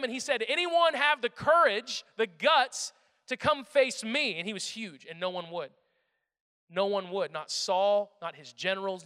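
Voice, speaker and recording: Young male pastor, storytelling sermon, high bright voice, echoing hall. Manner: energetic storytelling, shifts between loud and hushed. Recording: echoey hall.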